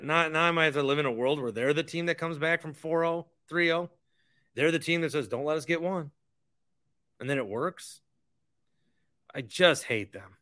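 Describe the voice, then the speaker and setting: A young man talking sports on his podcast with a bright, forceful voice pitched a bit high. He rants in a heated way and repeats himself as he gets worked up. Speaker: podcast host. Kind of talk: casual sports talk monologue.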